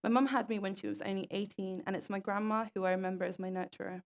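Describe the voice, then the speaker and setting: A woman's voice: medium pitch, fast talker. A young woman giving a talk at an event, reading stories aloud in an earnest way and tripping over a word now and then. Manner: earnest, with small stumbles and restarts. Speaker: speaker at an event.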